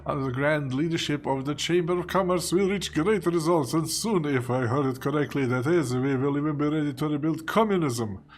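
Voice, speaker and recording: A man's voice: fairly high pitch, a little fast, hardly any pauses, pitched above the performer's own voice, close to an everyday voice. A man voicing a pompous male city bureaucrat with a put-on British accent, reading game dialogue in an officious, self-satisfied way.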